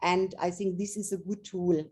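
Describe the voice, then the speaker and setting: A woman's voice: on the low side, steady tone, normal speed, a little mellow, slightly rough. A woman from Germany, a native German speaker, giving a webinar presentation as a trade fair expert. She explains earnestly and often repeats or restarts her phrases.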